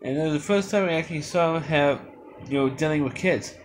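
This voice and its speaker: Male solo vlogger, slightly higher pitch, loose rambling delivery with frequent restarts. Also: brisk, slight background noise. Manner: rambling, many restarts and fillers. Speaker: movie reviewer. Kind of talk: unscripted solo review.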